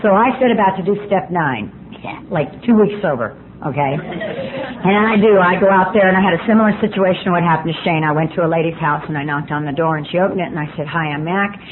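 A woman's voice: fairly low pitch, fast. A woman speaking at a recovery meeting, telling her personal story with candid, self-mocking humor. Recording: tinny phone-like line with faint hiss.

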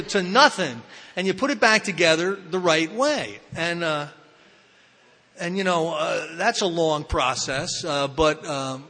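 A man's voice: a little high, bright, forceful tone. A man telling his recovery story to a live audience in a rambling, self-mocking way, full of fillers and restarts. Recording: reverberant hall.

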